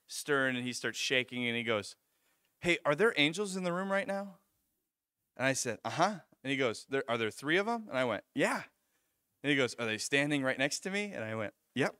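A young man preaching, telling a personal story in an animated way, often stopping short and restarting his sentences. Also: medium pitch, smooth, dry recording, studio quality. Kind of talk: personal testimony in a sermon.

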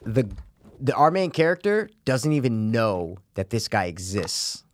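A man's voice: mid-range voice, very animated, measured pace, a little hiss or hum. A man co-hosting a podcast, joking around in casual, profane banter with a friend. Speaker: podcast co-host. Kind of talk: casual chat.

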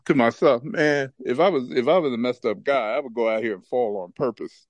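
A man co-hosting a podcast, telling stories in a casual, animated way and laughing often. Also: mid-range voice, fairly quick, dry recording, lo-fi sound. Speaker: podcast co-host. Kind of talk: casual chat and storytelling.

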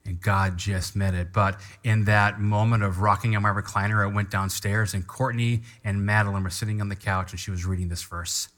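Bright-voiced pastor preaching with passion. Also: male voice, lowish voice, flat delivery, fairly quick, few pauses. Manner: passionate, rising to loud emphatic scripture reading; leads congregation in call-and-response. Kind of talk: sermon.

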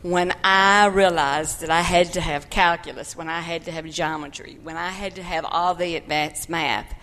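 A woman's voice: on the low side, steady tone, normal speed, fairly bright tone. An older woman, earnestly telling a personal testimony to a church congregation in folksy phrases. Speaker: church member giving testimony. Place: church sanctuary. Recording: long hall reverb of a church.

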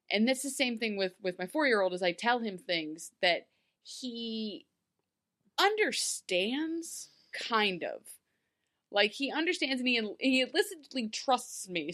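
A woman in her thirties co-hosting a relaxed chat, with a middle-pitched voice. She laughs often and slips into shifting voices when she quotes people. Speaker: podcast co-host. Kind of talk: casual chat.

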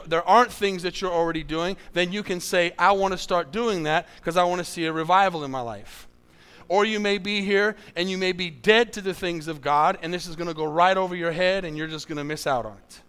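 A man's voice: sits high, brisk, bright, forceful tone, clear, resonant tone. A man preaching a sermon as pastor, repeating key lines for emphasis and asking his congregation for amens.

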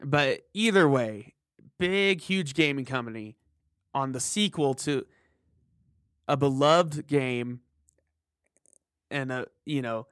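A man's voice: mid-range voice, takes it slowly, pauses often, fairly bright tone, clean tone, no echo, clean studio sound. A man co-hosting a podcast, chatting casually about a video game, rambling and restarting his sentences. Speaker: podcast co-host.

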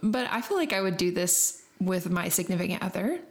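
A woman's voice: on the low side, lively intonation, a little fast. A woman co-hosting a casual chat show, chatty and teasing, often laughing. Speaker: podcast co-host.

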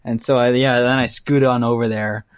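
A man's voice: mid-range voice, moderate pace, no echo, clean studio sound. A man casually telling an anecdote, acting out the quotes and laughing often. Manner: animated storytelling, acts out quotes, laughs often. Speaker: storyteller. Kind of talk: casual chat.

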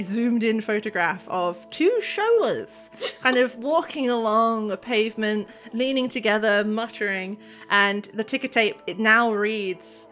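A woman's voice: fairly high pitch, fairly bright tone. Lady gm, chatty, laughs a lot, bit of music behind. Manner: chatty, laughs often while narrating. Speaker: game master. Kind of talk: narrating a tabletop game.

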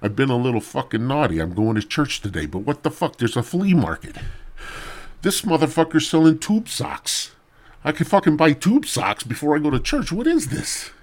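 A man's voice: very animated, brisk, hardly any pauses, darkish tone. Man doing an exasperated, squealing churchgoer. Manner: exasperated, rising to a high squeal. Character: fed-up male churchgoer, irritated everyman.

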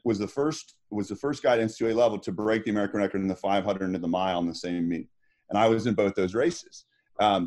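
A middle-aged former swimmer, appearing as a podcast guest, tells stories in a rambling, casual way full of restarts and fillers. His voice is on the low side with a darkish tone.

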